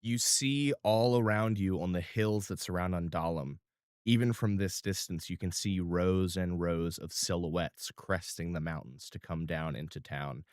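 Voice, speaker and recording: A man's voice: low voice, a little slow, clean tone, no echo, studio quality. A man narrating a tabletop game as game master in an easygoing way.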